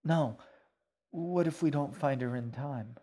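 A man's voice: a little high, expressive, unhurried, warm tone, voice pushed up. A man reading a story aloud, voicing a frightened young girl in a strained, pleading way. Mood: anxious.

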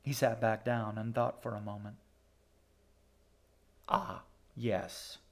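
Male audiobook narrator, measured and steady delivery. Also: fairly low pitch.

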